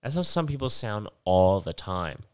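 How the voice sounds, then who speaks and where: A man's voice: lowish voice, sing-song, normal speed, clear, resonant tone, no room sound. A young man hosting a podcast while sick with a stuffy, nasal voice, rambling casually and swearing often. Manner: rambling, profane, digressive. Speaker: podcast host.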